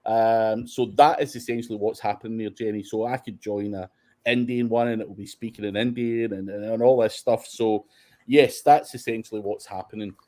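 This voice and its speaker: A man's voice: fairly low pitch, steady tone, normal speed, mellow. A Scottish man hosting a casual question-and-answer session, talking bluntly with plenty of swearing and short laughs. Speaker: host of SEO Q&A. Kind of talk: casual livestream Q&A.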